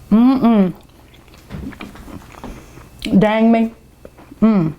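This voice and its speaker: Slow, gushing woman tasting food. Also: on the high side, darkish tone. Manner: savoring and gushing, with many drawn-out hums of delight. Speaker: cooking show host. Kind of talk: tasting food on a cooking show.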